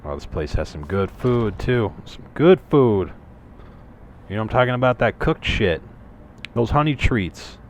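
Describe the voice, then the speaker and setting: A man's voice: lowish voice, very animated, unhurried, slight background noise. A man giving casual, rambling gameplay commentary, cursing freely and making jokey asides.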